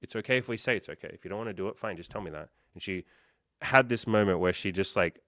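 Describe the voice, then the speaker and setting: A man's voice: low voice, a bit bright, no echo, studio quality. A man hosting a coaching livestream, talking casually and candidly with plenty of swearing and rambling fillers as he reads chat and tells stories. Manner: candid, profane, rambling storyteller with lots of fillers.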